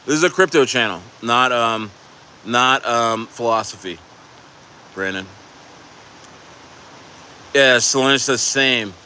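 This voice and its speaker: A man's voice: mid-range voice, takes it slowly, pauses often, bright, forceful tone, slight background noise. A man chatting casually on a live stream about crypto, rambling, restarting his words and swearing often.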